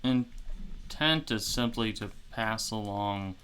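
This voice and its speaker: A man voicing a guarded, suspicious grieving woman in a tabletop game, clipped and curt in his own mid-pitched voice. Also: slow, a bit bright, a little hiss or hum.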